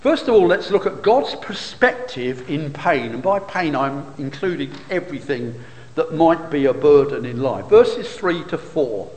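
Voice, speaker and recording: A man delivers a sermon at an unhurried, measured pace, walking through scripture and posing rhetorical questions. His voice sits high and swings widely in pitch. The long reverb of a large hall trails after his words. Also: lively intonation, a little mellow. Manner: expository, rhetorical questions, occasional fillers. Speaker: preacher.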